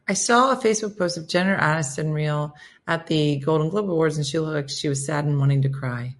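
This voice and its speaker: Low-voiced woman chatting on a livestream, reading comments and laughing a lot. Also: fairly quick. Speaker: livestream host reading chat. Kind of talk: casual chat.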